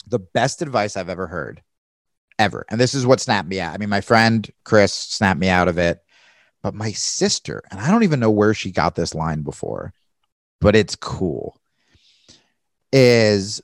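A man's voice: on the low side, animated, moderate pace, dry recording. A young man in candid casual conversation as a podcast guest, rambling and swearing, often restarting his sentences.

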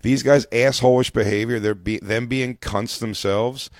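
A man's voice: medium pitch, fairly even intonation, normal speed, dry recording, studio quality. A man co-hosting a casual radio talk show, riffing crudely and laughing often. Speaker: co-host.

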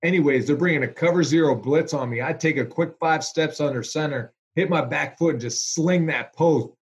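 A man, a former pro quarterback, telling stories in a relaxed interview with lots of fillers. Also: a little high, moderate pace. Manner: animated, chatty storyteller with fillers. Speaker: former NFL quarterback, guest. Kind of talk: casual storytelling interview.

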